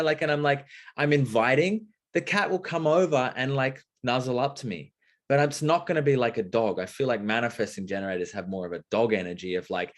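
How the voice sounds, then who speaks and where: A man's voice: medium pitch, quick pace. A man speaking as a guest in a casual conversation, explaining things expressively and acting out little exchanges.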